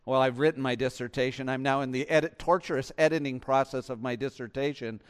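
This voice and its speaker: A man's voice: medium pitch, steady tone, quick pace, clear, resonant tone, long reverb tail. A man, the pastor, preaching a sermon with emphasis and tossing rhetorical questions to the congregation.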